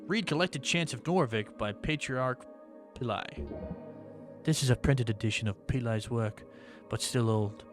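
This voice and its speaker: A man playing a game demo who reads its narration aloud and breaks off into quick, dramatic reactions. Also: mid-range voice, over music. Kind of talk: let's-play commentary, reading game text aloud.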